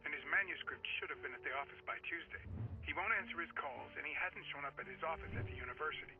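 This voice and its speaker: A man's voice: fairly high pitch, fast talker, lightly acted. A man playing pushy colleague on a tinny phone. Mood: urgent. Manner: urgent, coaxing. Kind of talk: video game voice acting. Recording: tinny phone line over game music.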